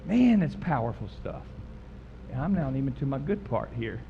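A man's voice: mid-range voice, sing-song, moderate pace, vocal fry. A man preaching a sermon in a church, emphatic and folksy, repeating words for effect. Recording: slightly dull recording with faint background noise.

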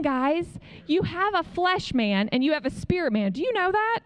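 A woman preaching in a conversational way, telling a personal testimony as an animated story and acting out what other people said. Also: high-pitched, a little fast, hardly any pauses. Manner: frequent "like" fillers. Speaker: speaker sharing a testimony.

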